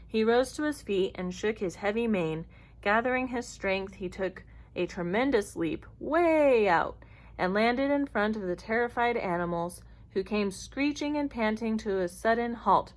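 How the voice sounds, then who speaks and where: A woman reading a children's picture book aloud in an expressive, even-paced narration. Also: medium pitch, a little slow, low-quality recording. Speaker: storyteller. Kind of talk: storybook read-aloud.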